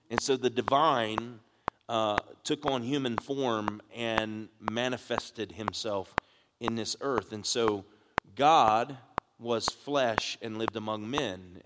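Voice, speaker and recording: A man, a pastor, preaching a sermon and asking the congregation questions as his delivery builds in force. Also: lowish voice. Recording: echoey hall with background noise.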